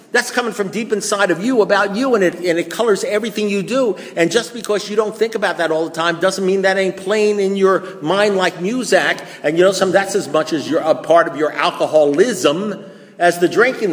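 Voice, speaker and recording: Blunt man talking in a reverberant hall. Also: high voice. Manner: punchy, repeats rhetorical questions, blunt and profane. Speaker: recovery meeting speaker. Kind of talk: storytelling talk to a live audience. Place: meeting hall with an audience. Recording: long reverb of a large hall.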